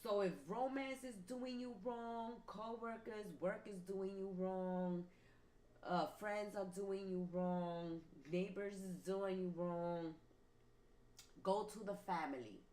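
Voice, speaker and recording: With a mid-range, steady, darkish voice and a slow pace, a woman reads tarot for her audience. She repeats herself with preacher-like emphasis, and the recording has a roomy feel with faint ambient noise.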